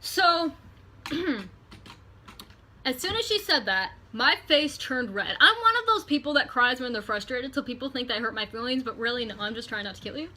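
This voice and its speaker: A woman vlogger tells a story in a hotel room with a very bright, somewhat high voice. Her delivery is animated and full of swearing. A faint hum of ambience sits behind her. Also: fairly quick. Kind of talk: storytime vlog.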